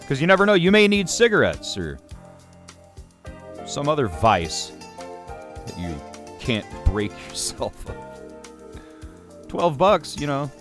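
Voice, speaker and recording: A man's voice: on the high side, fairly bright tone. A man hosting a talk radio show, delivering a sarcastic, opinionated monologue with mocking put-on voices.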